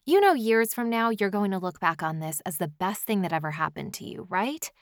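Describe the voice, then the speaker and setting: A woman's voice: medium pitch, animated, fairly quick, no echo, clean studio sound, natural voice. A woman reading an audiobook, voicing a caring young woman best friend who reassures firmly and teases bluntly. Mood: encouraging. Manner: firm, reassuring, teasingly blunt.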